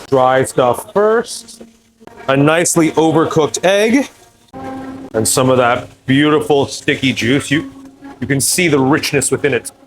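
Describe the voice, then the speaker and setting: A man from northern China hosting a cooking video in a joking, chatty way, now and then slipping into Mandarin. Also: mid-range voice. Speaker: cooking channel host. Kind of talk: casual cooking commentary.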